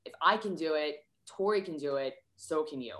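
A woman hosts a casual motivational podcast with a bright, forceful voice pitched a little low. She talks candidly and swears freely, acting out little scenes as she goes. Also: expressive, normal speed. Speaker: podcast host.

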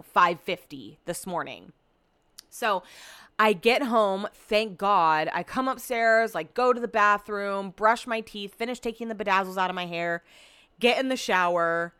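A young adult woman hosting a podcast, telling a story in a casual, animated way with frequent swearing. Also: medium pitch, smooth, dry recording. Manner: animated, with swearing and quoted asides. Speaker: podcast host.

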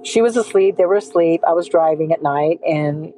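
A lower-pitched mother recalling events. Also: normal speed, mellow, faint music behind, low-quality recording. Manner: retells conversations, acting out both voices. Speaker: victim's mother, interviewee. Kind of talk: emotional personal recollection.

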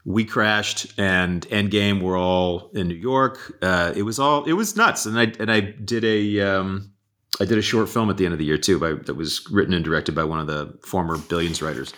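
A man's voice: deep voice, moderate pace, fairly bright tone. A man, an actor, chatting casually as a podcast guest, joking and laughing easily. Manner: laughs often, self-deprecating asides.

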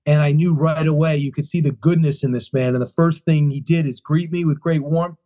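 A man being interviewed about his book, answering in an animated storytelling way, emphatic and full of restarts and repeated phrases. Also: a little high, a little fast.

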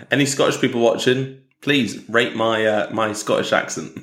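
A man's voice: medium pitch, a little slow, a bit bright, reverberant. A man co-hosting a casual podcast, joking and teasing and laughing often. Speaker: podcast co-host.

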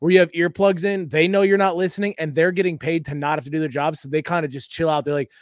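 A young man hosts a laid-back comedy podcast, riffing and cursing as he jokes with friends. His voice sits slightly high, and the recording is dry and close. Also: fairly even intonation, quick pace, dry recording. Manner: loose, joking, swears often, does mock voices of people. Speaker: podcast host. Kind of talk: casual comedic chat.

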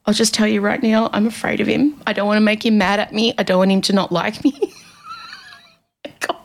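A woman's voice: mid-range voice, huge pitch swings, moderate pace, creaky. A woman hosting a podcast, telling self-mocking stories in a casual, comedic monologue from a studio. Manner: chatty, self-mocking storytelling. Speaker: podcast host.

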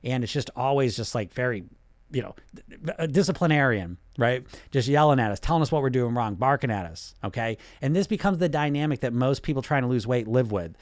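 A man giving an instructional talk as a weight loss coach. He speaks conversationally, often checking in with tag questions. His pitch is middling and the sound is dry and close. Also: expressive, brisk, dry recording.

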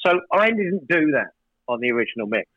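A man's voice: on the high side, big pitch swings, fairly quick, no room sound. Rambling male producer, dry dull audio. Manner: rambling, restarts while recounting studio stories. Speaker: record producer, guest. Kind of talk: casual storytelling interview.

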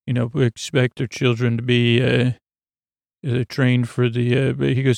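A man's voice: level tone, measured pace, creaky, darkish tone, no echo, clean studio sound. A man hosting a sleep podcast, recapping an episode in a rambling, meandering way with many fillers and self-corrections. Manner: low-key, drifting and digressive. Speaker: podcast host.

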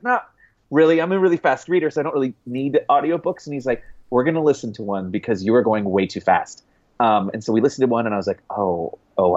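A man, a guest author, chatting casually in an interview, rambling with restarts and quick laughs. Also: mid-range voice, darkish tone. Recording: dull lo-fi sound.

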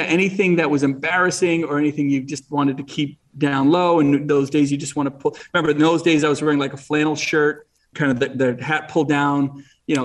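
A man's voice: a little high, distant mic. A middle-aged man from New England, talking as an interview guest in a rambling way, with many restarts and fillers. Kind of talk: casual interview chat.

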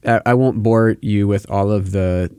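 A man's voice: fairly low pitch, steady tone, measured pace, a little mellow, clean tone, no room sound, clean studio sound. A man co-hosting a casual faith podcast, explaining ideas with vivid word pictures. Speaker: podcast co-host giving advice.

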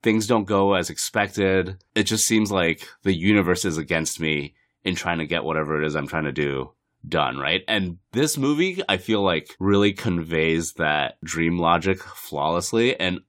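A man's voice: low-pitched, moderate pace, a bit bright, no echo, clean studio sound. A man co-hosting a film podcast, talking about a film with enthusiasm and casual swearing. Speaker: podcast co-host.

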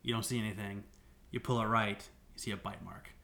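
A man's voice: lowish voice, fairly even intonation, a little fast, vocal fry, pushed and bright. A man on a podcast casually recapping a game's story in a rambling way, full of "like"s and restarts. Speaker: podcast co-host.

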